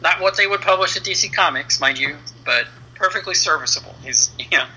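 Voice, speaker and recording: A man's voice: sits high, brisk, a little hiss or hum, poor audio. A man in his fifties, a comic book letterer and interview guest, casually telling an anecdote and acting out the dialogue. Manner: lively storyteller who acts out quoted dialogue.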